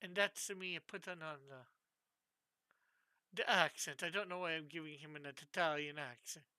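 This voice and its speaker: A woman's voice: low-pitched, fairly even intonation, moderate pace, pushed and bright, no echo. A woman hosting a live drawing stream, chatting in a meandering, giggly way. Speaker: stream host and comic artist. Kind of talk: casual live-stream chat.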